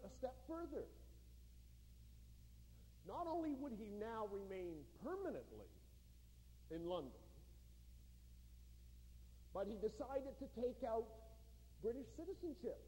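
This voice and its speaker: Man, sermon, high voice swooping up and down, dark mellow tone, long hall reverb. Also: big pitch swings, unhurried, pauses often. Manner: storytelling that builds to fervent exhortation. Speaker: guest preacher. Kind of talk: sermon to students. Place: large chapel.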